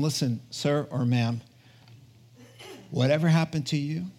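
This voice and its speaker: A man's voice: on the high side, breathy edge. A man preaching a conversational sermon in an earnest, chatty way, often checking in with his listeners. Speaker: pastor.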